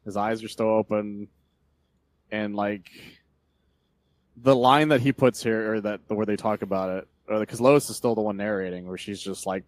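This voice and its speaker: A man co-hosting a podcast, rambling through a comic book plot with lots of swearing and quick retellings of scenes. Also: on the low side, steady tone, no room sound. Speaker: podcast co-host. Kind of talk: casual chat about comics.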